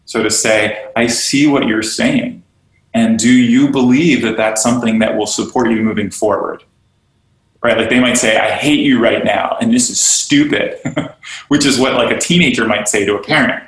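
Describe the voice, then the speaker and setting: A man's voice: mid-range voice, normal speed. Earnest man in a roomy room. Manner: earnest, animated, acts out quoted voices. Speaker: guest, yoga studio owner and teacher trainer. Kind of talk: conversational podcast interview. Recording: roomy echo.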